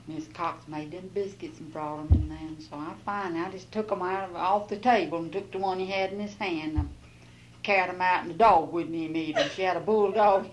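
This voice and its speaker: An older woman recalls her early married days in a folksy, rambling way, slipping into lively bursts when she quotes others. Her voice sits lowish for a woman, and a faint hiss lies under the talk. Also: low-quality recording. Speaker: interviewee. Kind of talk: oral history storytelling.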